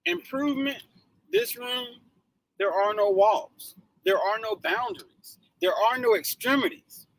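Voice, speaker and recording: A man hosting a motivational live stream in casual chat, animated and joking, laughing often. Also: extremely high pitch, a little slow, dry recording, poor audio.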